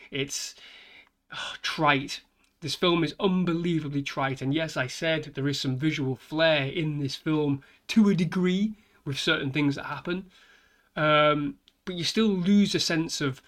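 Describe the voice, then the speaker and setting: A man's voice: on the high side, fairly bright tone. A man giving an exasperated, sighing film review rant, swearing often.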